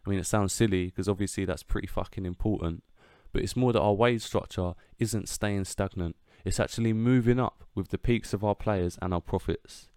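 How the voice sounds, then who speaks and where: A man's voice: sits low, normal speed, dark tone, clean tone, no echo, studio quality. A young man giving casual, brash football fan commentary, swearing and chanting hype.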